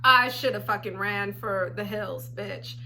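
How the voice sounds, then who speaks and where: A woman telling a personal story on her vlog in a blunt, profane, animated way. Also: medium pitch, unhurried, creaky. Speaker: storytelling vlogger. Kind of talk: casual storytime.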